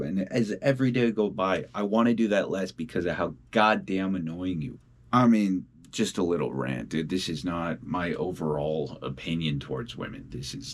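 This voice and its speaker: A man's voice: sits low, breathy edge. A young man in a casual video diary, talking bluntly and swearing a lot. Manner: blunt and heavily profane. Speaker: independent musician. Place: at home.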